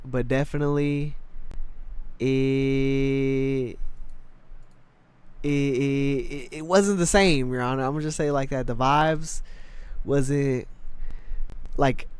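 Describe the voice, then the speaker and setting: A male podcast co-host with a medium-pitched, steady, smooth voice speaks slowly with long pauses. He chats casually in a slangy, rambling way, acting out the voices of people in his stories.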